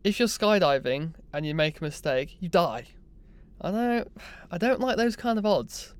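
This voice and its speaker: A young man telling a personal story in a casual, animated, self-mocking way. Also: high voice, moderate pace, clean tone. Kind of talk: casual anecdote monologue.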